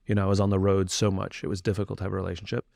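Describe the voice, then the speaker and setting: A man's voice: low-pitched, flat delivery, racing, creaky, a little mellow, no room sound, studio quality. A middle-aged man talking candidly and reflectively as an interview guest, often restarting his sentences.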